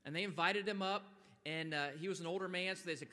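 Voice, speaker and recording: A man delivers a motivational talk in a large atrium, his voice bright and forceful. His pitch sits a little high for a man, and his delivery is animated, rising into loud bursts when he quotes. A long reverb trails every phrase. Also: fast talker. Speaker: event speaker. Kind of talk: motivational speech. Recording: long echo of a large hall.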